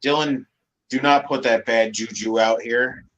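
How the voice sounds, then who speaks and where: A man's voice: medium pitch, fairly even intonation, measured pace, a bit bright, dull audio. A man in casual podcast chat rants with strong emphasis. He swears often and drives every point home. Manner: emphatic, profane ranting. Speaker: podcast guest.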